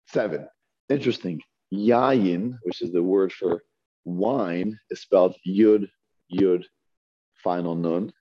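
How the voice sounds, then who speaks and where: Teaching a Hebrew reading class, a man patiently sounds out syllables one by one for his students. His deep, warm voice comes through an earpiece mic, and the recording is dry and muffled.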